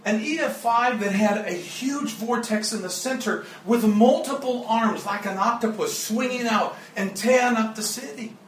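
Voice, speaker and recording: A man's voice: high-pitched, moderate pace, hardly any pauses, fairly bright tone, slight background noise. A man from the Joplin, Missouri area, preaching as a guest and telling stories in an earnest, emotional way that breaks into laughs. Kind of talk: storytelling sermon. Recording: echoey room, mic at a distance.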